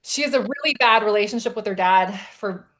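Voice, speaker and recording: A woman's voice: medium pitch, brisk. A woman co-hosting a casual chat, an author animatedly recounting a scene from her book, heavy with "like" and acted-out dialogue. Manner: animated storytelling with frequent "like" and quoted dialogue. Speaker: podcast co-host and romance author.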